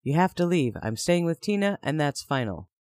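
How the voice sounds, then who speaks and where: A man's voice: on the high side, sing-song, moderate pace, darkish tone, no room sound, clean studio sound. A man reading a cold, cutting young man. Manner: curt and cutting. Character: cold, volatile young man turning on his partner.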